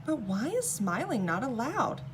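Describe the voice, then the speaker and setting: A woman's voice: on the high side, sing-song, unhurried, noisy background, voice pushed up. A woman voicing a cheerful little female character who talks in a chirpy, bubbly way. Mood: cheery. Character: cheerful, bright little woman, always smiling.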